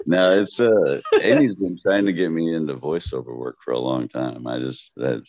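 Very deep slow-talking Texan man. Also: a little mellow, no echo. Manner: slow-paced, deep, laid-back drawl. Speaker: comedian guest. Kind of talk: slow, steady storytelling.

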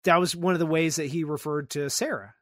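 Casual, slightly high-voiced male podcast host. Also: a little fast, no echo, studio quality. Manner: animated retelling, swears freely. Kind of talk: casual chat.

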